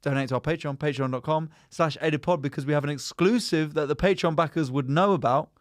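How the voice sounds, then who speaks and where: A young man co-hosting a podcast, playful and quick to laugh, stumbling over his words. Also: on the high side, no room sound, studio quality. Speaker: podcast co-host and comedian. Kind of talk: casual banter.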